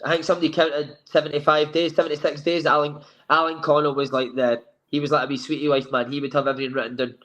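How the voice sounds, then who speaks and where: A man with a Scottish accent, a guest telling lively anecdotes and acting out the dialogue in a sofa chat. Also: a little high, fast talker, hardly any pauses, lo-fi sound. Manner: lively storyteller who acts out quoted dialogue. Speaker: former footballer guest.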